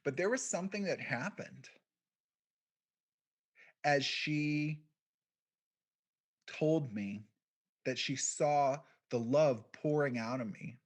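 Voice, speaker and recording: A man giving a keynote, telling a personal story in a quiet, reflective way with deliberate pauses. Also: on the high side. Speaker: keynote speaker, podcast founder.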